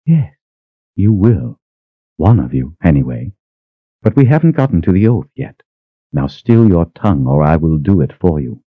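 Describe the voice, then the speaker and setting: A cruel sorceress, as a male narrator puts her on, speaks in an icy, measured, mocking way. Her voice sits low, and the recording is dry and a little dull. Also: very animated, slightly rough, dry recording, exaggerated voice. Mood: cold menace. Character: cold cruel woman sorceress, calm menace.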